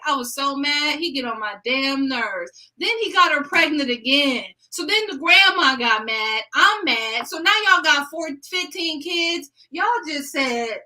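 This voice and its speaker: High, bright-voiced woman ranting casually. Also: unhurried, few pauses, poor audio. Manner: animated, ranting, slangy. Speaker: livestream host. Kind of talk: casual chat.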